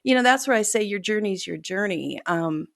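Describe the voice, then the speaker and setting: A woman's voice: medium pitch, animated, brisk, gravelly, no echo, clean studio sound. A middle-aged woman author telling stories in a casual interview, chatty and self-deprecating, laughing often. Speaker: author guest.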